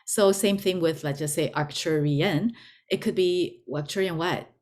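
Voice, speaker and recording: A woman giving an informal spiritual lesson, talking deliberately and repeating words for emphasis. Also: on the low side, a little mellow. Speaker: spiritual teacher. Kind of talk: informal teaching talk.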